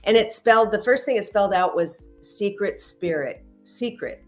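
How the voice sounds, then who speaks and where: A woman's voice: mid-range voice, moderate pace, soft background music. A middle-aged woman, a matchmaker and intuitive reader, chatting as a podcast guest and acting out quoted dialogue as she tells stories. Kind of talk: casual interview storytelling.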